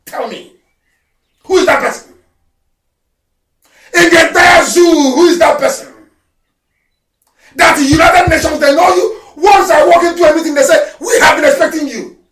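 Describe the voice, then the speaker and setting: A man giving an impassioned radio address, shouting, mocking and scolding his listeners. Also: extremely high pitch, recorded from a distance. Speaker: political activist broadcaster. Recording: echoey, off-mic radio broadcast.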